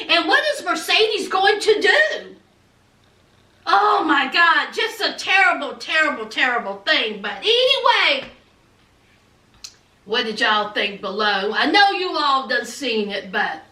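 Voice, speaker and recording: A woman's voice: sits high, sharp tone, far from the mic. A woman vlogger recapping a TV episode in a dramatic, chatty way, acting out the characters' lines and calling the listener honey and child. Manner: dramatic storytelling, says honey and child a lot, acts out lines. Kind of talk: animated casual recap. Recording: roomy sound, a little off-mic.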